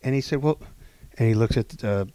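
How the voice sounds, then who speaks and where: A man on a podcast telling a long story casually, acting out the people in it and swinging between loud and hushed delivery. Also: medium pitch, brisk, dry recording. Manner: animated, acts out quoted dialogue, swings between loud and hushed. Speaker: podcast co-host.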